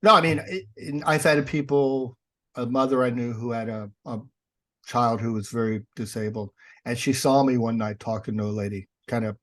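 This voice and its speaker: This podcast guest is a middle-aged paranormal investigator and author with a mid-range, somewhat bright voice at normal speed. He tells casual anecdotes with wry sarcasm, performing the dialogue himself.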